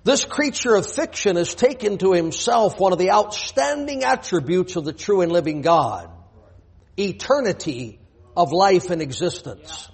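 A man delivering a church sermon in a fairly high voice with a husky, breathy edge. He presses his points with pointed rhetorical questions. He reads scripture aloud in a forceful preaching cadence. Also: lively intonation, unhurried.

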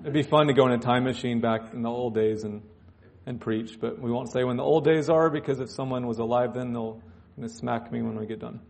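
A man's voice: medium pitch, fairly even intonation, fairly quick, vocal fry, darkish tone, slight background noise. A male pastor preaching in church, reading scripture aloud and breaking off into joking asides. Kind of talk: sermon.

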